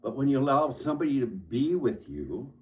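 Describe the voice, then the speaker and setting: A man's voice: mid-range voice, sing-song, a little fast, a little hiss or hum. A man who works as a therapist, telling stories from his practice in an earnest conversational way and often restarting his phrases.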